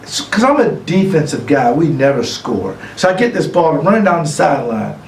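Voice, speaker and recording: Gravelly man telling a story in an echoey room. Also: fairly high pitch, a little fast. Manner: lively anecdote-telling, acting out other voices. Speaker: award honoree. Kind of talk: acceptance speech with storytelling. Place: room, recorded for a virtual gala. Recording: echoey room, distant mic, faint noise.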